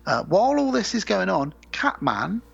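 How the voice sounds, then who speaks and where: A man's voice: high voice, very animated, normal speed, gravelly, husky. A man co-hosting a podcast, casually retelling a film plot with mocking asides. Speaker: podcast co-host. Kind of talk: casual film recap chat. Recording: dull lo-fi sound.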